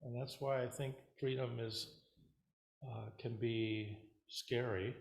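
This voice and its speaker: A man as Zen teacher giving a dharma talk in a relaxed, rambling, hesitant way, at a meditation center. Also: mid-range voice, slow, creaky. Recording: roomy hall echo.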